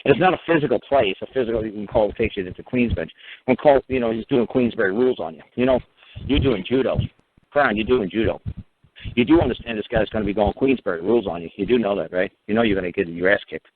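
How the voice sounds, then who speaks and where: A man's voice: fairly low pitch, fast, slight background noise. A man telling a courtroom story in a casual, profane, emphatic monologue, sometimes raising his voice to mimic others. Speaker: radio talk host. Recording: tinny phone-line audio.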